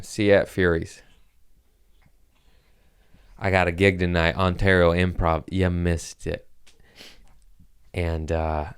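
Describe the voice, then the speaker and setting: A man's voice: low voice, smooth, no echo. A man hosting a podcast in casual chat, rambling and jokey, often slipping into silly voices. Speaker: podcast host, comedian.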